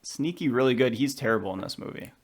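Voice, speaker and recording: A man's voice: mid-range voice, lively intonation. A man co-hosting a podcast, chatting casually and with strong opinions about a film. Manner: chatty, opinionated, quick asides. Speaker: podcast co-host.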